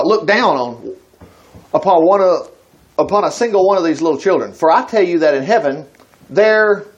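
A man's voice: fairly high pitch, husky. An older man teaching from the Bible in a conversational way, reading verses aloud and breaking into emphatic bursts. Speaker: preacher.

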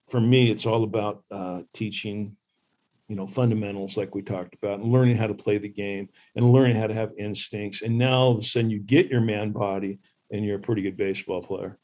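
A former professional baseball player, appearing as a podcast guest, tells lively stories in casual chat about growing up competing with his brother. He's brisk and animated, mimicking other people in high voices.

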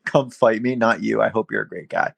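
A young man from Massachusetts chats casually on a podcast, laughing and cursing as he tells a story. His voice has a gravelly, creaky edge, and the sound is dry and close. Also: fairly low pitch, brisk, no echo. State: day drinking. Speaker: podcast co-host. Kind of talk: casual chat.

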